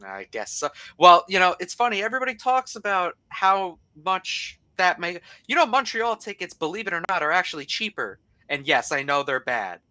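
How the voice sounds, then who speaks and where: A man from Long Island calling into a show, chatting casually and ranting in halting, restarting phrases. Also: high voice, very animated, bright, forceful tone, dry recording. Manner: halting, restarts and repeated words while ranting. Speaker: caller. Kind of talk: casual chat.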